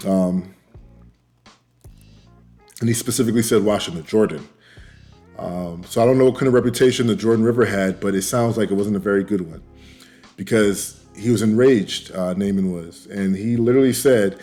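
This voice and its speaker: Casual lower-voiced man reading scripture. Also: normal speed, a little mellow. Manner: reads passages aloud, then paraphrases them in loose slang with many fillers. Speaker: bible study host. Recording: faint music underneath.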